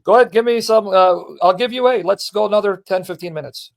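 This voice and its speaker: High-voiced, emphatic man hosting a debate. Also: quick pace, gravelly. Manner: emphatic, questioning, excitable. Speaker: host of a religious debate stream. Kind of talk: casual discussion, reading quotes aloud.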